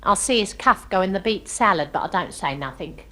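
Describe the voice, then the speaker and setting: A woman's voice: medium pitch, animated, brisk, bright, forceful tone. A woman playing a chatty girl. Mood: gossipy. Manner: gossipy, breathless storytelling with ungrammatical speech. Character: chatty young working-class London girl, starry-eyed. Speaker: comic monologue performer. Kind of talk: comic character monologue.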